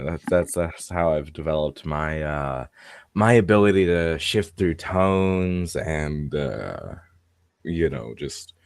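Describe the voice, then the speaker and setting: Very deep, slow-talking guy. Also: vocal fry, no room sound, clean studio sound. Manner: laughs often, stammers and restarts, swears. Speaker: player on a tabletop game stream. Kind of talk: casual chat.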